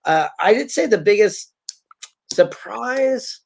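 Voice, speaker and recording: A man being interviewed as a guest author, telling stories in a casual, animated way and acting out the people he quotes. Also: high-pitched, slow pace, gravelly. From Southern California. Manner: animated storyteller, acts out quotes.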